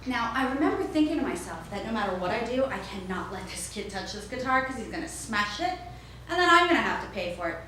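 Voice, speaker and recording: A woman's voice: medium pitch, fast. A woman performing a staged storytelling monologue, playing a store clerk and acting out every character. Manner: animated, acts out every character. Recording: echoey, distant, faint noise.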